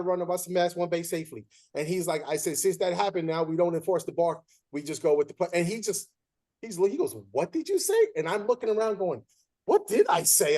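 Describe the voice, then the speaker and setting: Guy hosting an umpire chat show, tells stories, does all the voices of coaches and players. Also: sits high. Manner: animated storyteller, acts out quotes. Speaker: podcast host. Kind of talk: casual chat.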